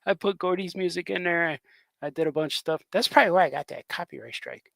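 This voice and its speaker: On a livestream he co-hosts, a male cartoonist chats casually, rambling, laughing often, and dropping into grunting impressions. His voice sits high and is creaky and fairly bright, he talks fast, and the recording is dry.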